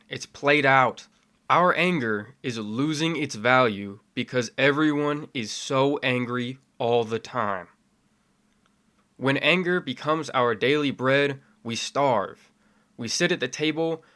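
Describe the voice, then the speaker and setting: In a self-made video essay, a young man with a mid-pitched voice addresses his camera directly, offering his opinions. He begins in a measured way and works up to fiery, impassioned conviction, his tone sharp throughout.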